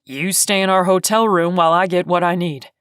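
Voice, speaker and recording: A woman voicing a steady, guarded grown man on the run, speaking low, terse and firm in an audiobook. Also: brisk, clear, resonant tone, no room sound, clean studio sound, natural voice.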